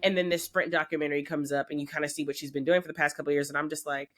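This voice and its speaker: A woman co-hosting a podcast, telling a story in an animated way with lots of fillers in casual chat. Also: low-pitched, rapid-fire. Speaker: podcast co-host.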